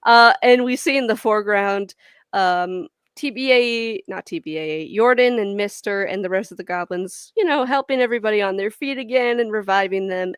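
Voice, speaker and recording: A woman's voice: medium pitch, clean tone, no echo. A woman narrating and ruling as dungeon master in a casual tabletop game, explaining with loose fillers. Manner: relaxed explaining, many fillers.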